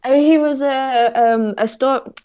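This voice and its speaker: A woman's voice: high-pitched, steady tone, takes it slowly, mellow, smooth. Chatty woman telling a con story. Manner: chatty storyteller, many fillers like "um" and "like". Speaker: podcast co-host. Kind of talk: casual chat. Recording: slightly dull lo-fi podcast audio.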